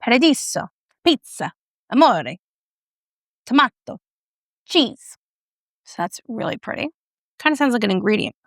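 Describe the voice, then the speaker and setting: A chatty woman talks through a makeup review in a playful, joking way. Her voice carries a gravelly edge of vocal fry, and it sounds dry and close, with no room echo. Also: mid-range voice, a bit bright. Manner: playful, chatty, jokey asides. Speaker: beauty vlogger.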